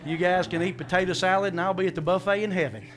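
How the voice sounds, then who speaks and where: Here a man delivers a sermon from the pulpit, full of energy, performing the voices in the scripture and quizzing his listeners. He has a high voice and talks fast.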